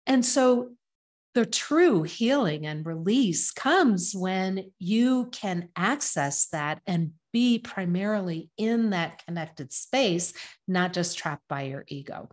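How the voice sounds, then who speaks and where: A woman's voice: on the low side, lively intonation, takes it slowly. A woman guest on a podcast, talking earnestly and emphatically in casual chat, stacking up punchy repeated phrases. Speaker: podcast guest, sobriety coach.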